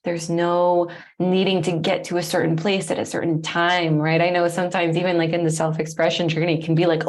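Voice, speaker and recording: Brief: woman host, lowish voice, gentle and affirming, reflective. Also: steady tone, normal speed. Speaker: podcast host. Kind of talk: conversational podcast interview.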